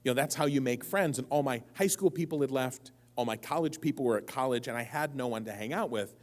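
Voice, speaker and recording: On a convention stage, a man with a medium-pitched, darkish voice answers audience questions at a fast clip. His self-mocking stories ramble and keep wandering off track.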